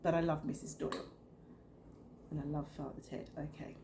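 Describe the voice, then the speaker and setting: A woman's voice: low voice, fairly even intonation, moderate pace, creaky, background noise. A middle-aged woman giving a chatty cooking demonstration from her home kitchen, talking straight to the viewer. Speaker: cooking vlogger.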